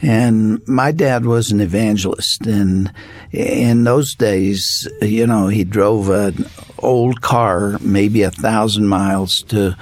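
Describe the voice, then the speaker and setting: An older man hosting a faith interview, speaking slowly and thoughtfully about his father. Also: on the low side, fairly even intonation, darkish tone. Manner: slow, measured, reflective. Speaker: interview host. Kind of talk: radio interview.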